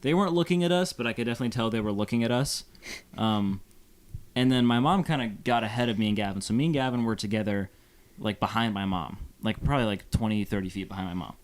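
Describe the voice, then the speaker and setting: This fast-talking podcast co-host is a young man from Phoenix, Arizona, with a lowish voice. He rambles through a story in casual chat, leaning on plenty of fillers.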